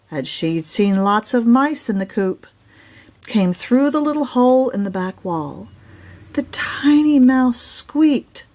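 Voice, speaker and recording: A woman reads her own children's picture book aloud in a gentle, expressive storytelling voice. Her pitch moves up and down a great deal, and she keeps the pace slow for young listeners.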